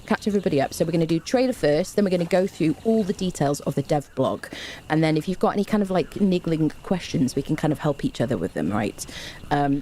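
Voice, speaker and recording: Woman, live stream chat, excitable and gushing, low warm voice, faint hum behind. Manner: gushing, excitable, chatty, greets viewers by name. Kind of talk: excited casual livestream chat.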